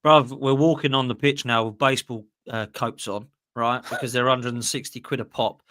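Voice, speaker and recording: A man's voice: mid-range voice, steady tone, normal speed, pushed and bright, no room sound, clean studio sound. A man in casual football chat, ranting bluntly and emphatically.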